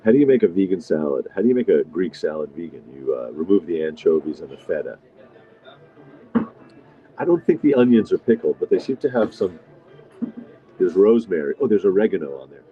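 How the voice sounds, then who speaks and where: A man's voice: low-pitched, expressive, fairly quick, long pauses. A middle-aged man hosting a casual live stream from a diner, rambling and answering viewer comments as he eats. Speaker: livestream host. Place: restaurant diner. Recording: dull lo-fi sound with faint music.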